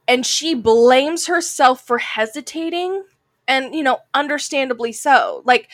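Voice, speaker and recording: A woman's voice: a little high, fairly bright tone, no echo. A woman co-hosting a casual anime discussion podcast, chatty and full of "like" fillers, sounding a bit like a Valley girl. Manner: chatty, heavy use of "like" fillers. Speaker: podcast co-host.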